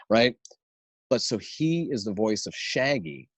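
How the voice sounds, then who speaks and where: A man's voice: fairly low pitch, animated, moderate pace, no echo. A man who teaches improv, a podcast guest who laughs easily and tells rambling stories. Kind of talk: casual podcast chat.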